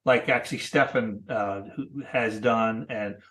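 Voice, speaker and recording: A man's voice: fairly low pitch, steady tone, a bit bright. Rambling man in his sixties. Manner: rambling, thoughtful, halting with many restarts. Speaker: cartoonist guest. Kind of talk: casual interview chat.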